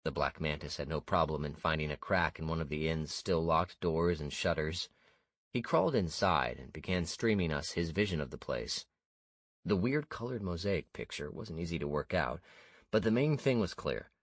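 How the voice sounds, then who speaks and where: A man narrating a first-person fantasy audiobook in a steady, measured way. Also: rumbling low, dry recording.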